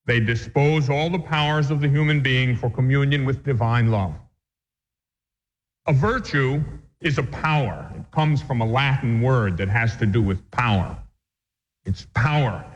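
A man, a priest, teaching a catechism class in an earnest, deliberate way, reading from the text and then explaining it. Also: medium pitch. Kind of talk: catechism lecture. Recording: echoey dull lo-fi recording.

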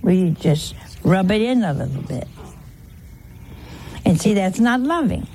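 Slow, gravelly-voiced woman giving a folksy sermon. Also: mid-range voice, big pitch swings, dark tone, slight background noise. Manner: folksy, teasing rhetorical questions; tells humorous anecdotes. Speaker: religious teacher. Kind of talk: informal sermon to a group.

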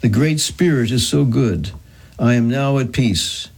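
A man's voice: mid-range voice, a little slow, darkish tone, slightly rough. A man reading the part of a bent, frail old man who speaks in a trembling voice. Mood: joyful.

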